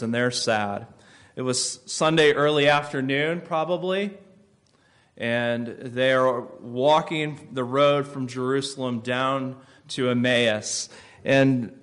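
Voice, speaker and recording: Male pastor, mid-range voice, expressive sermon delivery with dramatic quiet moments. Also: mid-range voice. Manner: storytelling with dramatic drops to soft, slow phrases.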